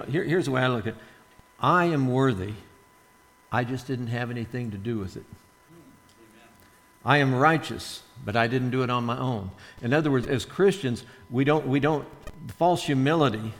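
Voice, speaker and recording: A man preaching a sermon in church, conversational and repeating words as he acts out quoted voices. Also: medium pitch. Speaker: pastor. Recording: long hall reverb.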